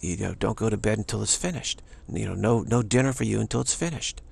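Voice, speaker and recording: A man's voice: on the low side, quick pace, creaky, breathy edge, heavily acted. A man acting out a stern father who orders his child to finish the work now. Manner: stern, commanding.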